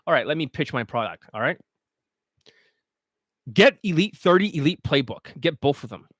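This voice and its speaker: A man talking as a dating coach in a casual livestream, blunt, boastful and full of swearing as he pitches his products. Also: lively intonation, normal speed, a bit bright, no echo, studio quality.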